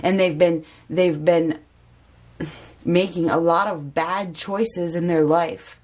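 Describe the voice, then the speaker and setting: A woman's voice: fairly low pitch, steady tone, slow pace, darkish tone. A woman giving a casual spoken tarot reading, chatty and repeating phrases for emphasis. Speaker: tarot reader.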